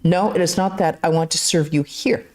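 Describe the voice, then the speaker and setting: A woman's voice: fairly low pitch, moderate pace, darkish tone, lightly acted. A woman reading the lines of a drunk, weeping devotee who pleads insistently with his teacher. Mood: pleading. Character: drunk, weeping devout middle-aged man.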